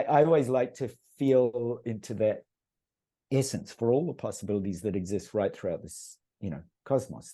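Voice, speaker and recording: A man's voice: fairly low pitch, dark tone. A middle-aged man, a podcast guest, talking in an earnest, rambling way with many restarts. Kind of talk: casual conversational storytelling.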